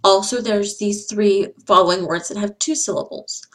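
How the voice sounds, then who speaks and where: A woman giving a slide-based phonics lesson, speaking deliberately and repeating each example sound. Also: mid-range voice, a bit bright. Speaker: English teacher.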